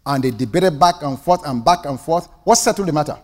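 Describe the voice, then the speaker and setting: A man with a Nigerian accent preaching a sermon with passion, dropping to hushed asides and rising to ringing declarations. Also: a little high, lively intonation, fairly quick. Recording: long hall reverb.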